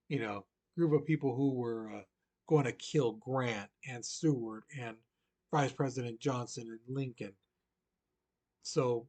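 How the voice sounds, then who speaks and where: In a recorded history lesson, a man teaches in a casual, chatty way, peppering his talk with "you know" and asking his students direct questions. His voice is medium-pitched and mellow.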